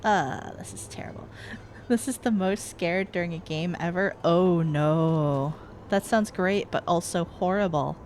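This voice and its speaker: A woman streamer chatting casually and excitedly with her viewers. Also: fairly low pitch, measured pace, a little hiss or hum. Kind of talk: casual live-stream chat.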